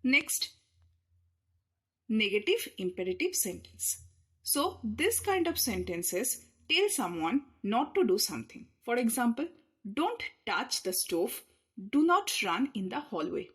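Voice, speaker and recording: A woman teaching an English grammar lesson, explaining each point slowly and patiently with repeated examples. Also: fairly high pitch, very animated, fairly bright tone, slightly rough. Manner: leans hard on key words when showing emphasis.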